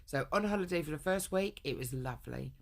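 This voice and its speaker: Woman vlogger, gravelly fry in the voice, rambles and swears through a personal grievance. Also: deep voice, expressive, fairly quick. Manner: rambling, heavy swearing, blunt. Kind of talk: casual storytelling rant.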